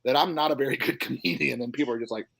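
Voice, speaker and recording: Comedian guy riffing on a stream call, goofy and self-deprecating, normal pitch. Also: very fast, vocal fry, bright, forceful tone, breathy edge, no echo. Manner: playful, self-mocking storytelling. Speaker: stand-up comedian guest. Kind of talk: casual chat with joke telling. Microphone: live stream call.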